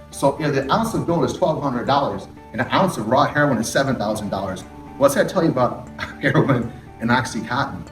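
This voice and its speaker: Man, middle-aged, therapist, candid presentation, questions the audience, sarcastic, distant mic, echoey room, faint music. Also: medium pitch. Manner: sarcastic asides. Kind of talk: addiction recovery talk to an audience. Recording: roomy hall picked up from a distance.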